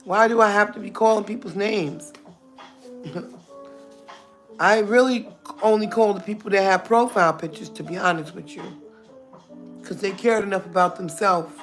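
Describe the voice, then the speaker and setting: A woman's voice: mid-range voice, normal speed, long pauses, soft background music. A middle-aged woman hosting a casual livestream, talking bluntly, greeting viewers by name and laughing often. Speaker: livestream host.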